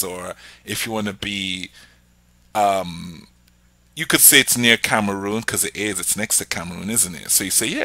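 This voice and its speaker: Bright-voiced man telling animated stories. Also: lowish voice, dry recording. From Nigeria. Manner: animated storytelling, acting out quoted voices. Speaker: podcast co-host. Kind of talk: casual chat.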